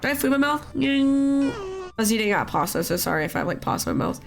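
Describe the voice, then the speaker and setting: A woman with a hoarse voice after an illness, hosting a casual live art class and greeting chat in a sing-song way. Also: high voice, expressive, quick pace. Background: soft music.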